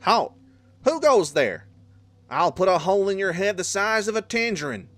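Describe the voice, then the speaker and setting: A man's voice: sits high, sing-song, moderate pace, fairly bright tone, voice pushed up. A man voicing a wiry, courtly old male gardener with a put-on southern US accent, speaking in an old-fashioned gallant way. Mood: threatening.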